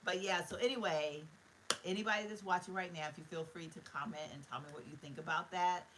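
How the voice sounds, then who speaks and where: A woman's voice: on the low side, steady tone, fast, noisy background. A middle-aged woman, chatting live from her bedroom to viewers in a heartfelt, rambling way. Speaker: vlogger. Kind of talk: casual live-stream chat. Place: bedroom at home.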